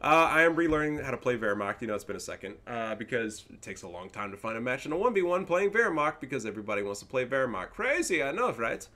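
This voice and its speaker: A man's voice: medium pitch, big pitch swings, quick pace, hardly any pauses, bright, forceful tone. A young man casting his own strategy game online, talking in a casual, slangy and profane way and laughing often. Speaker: gaming YouTuber and caster. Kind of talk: casual gameplay commentary.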